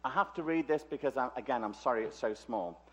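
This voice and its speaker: Speaking fast and animatedly at medium pitch, this British-accented lecturer from Liverpool, England delivers a conference talk in a hall, slipping in chatty, humorous asides.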